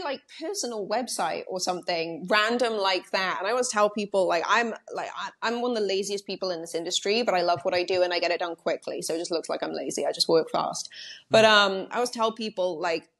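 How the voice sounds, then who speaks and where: A young woman from the United Kingdom, a journalist talking casually in an interview with lots of fillers and quick asides. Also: medium pitch. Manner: chatty, many fillers, quick animated asides. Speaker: journalist guest.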